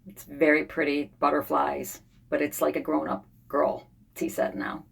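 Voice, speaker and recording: Speaking from a home sauna, a vlogger in her fifties rambles through a casual diary entry, tired, sick and frustrated, pausing often. Her voice is low, husky and monotone, with vocal fry.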